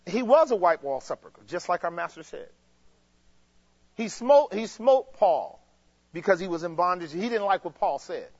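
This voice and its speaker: A man preaching a sermon in an emphatic, repetitive way that builds to shouts. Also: high-pitched, expressive, fast talker, hardly any pauses. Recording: dull lo-fi sound.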